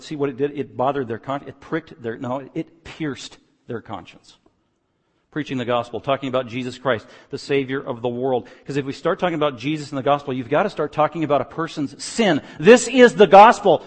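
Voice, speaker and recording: A man preaching an expository sermon, moving from quiet, low explaining to loud, emphatic passages. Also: fairly even intonation, a little fast, big-room sound. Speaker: pastor.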